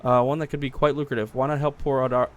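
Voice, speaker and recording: A man's voice: flat delivery, fast talker, slight background noise, close to an everyday voice. A man reading as a sly woman merchant. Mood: scheming. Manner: coaxing, sales-pitch talk.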